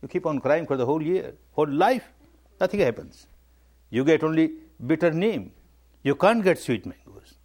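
A man's voice: on the high side, animated, normal speed, darkish tone. A man giving a spiritual talk, emphatic and repetitive, stressing key words. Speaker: meditation teacher. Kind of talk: dharma talk.

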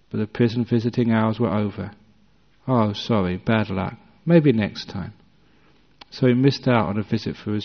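A man giving a dharma talk as a meditation teacher, a conversational storyteller with gentle humor. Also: mid-range voice. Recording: dull recording with long hall reverb.

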